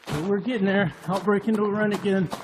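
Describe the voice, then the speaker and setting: A man's voice: high-pitched, fairly even intonation, fast talker. A middle-aged man out of breath, chatting and thinking aloud on a phone while running through a long tunnel. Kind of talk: casual walking commentary. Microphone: phone held while running. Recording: noisy phone recording.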